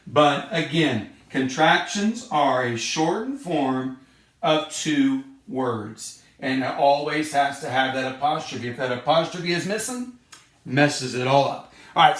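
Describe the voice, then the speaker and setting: A man's voice: mid-range voice, fairly bright tone. Man teaching a kids' lesson, echoey room. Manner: patient, repeats points, stresses key words. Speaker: third grade teacher. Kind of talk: online lesson for kids and parents.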